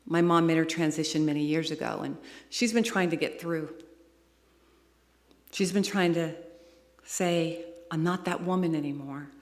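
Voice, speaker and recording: A woman preaching a heartfelt sermon, telling her story and climbing to excited high points. Her voice carries a long reverb from a large hall. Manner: emotional storytelling, rising to excited peaks. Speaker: guest speaker.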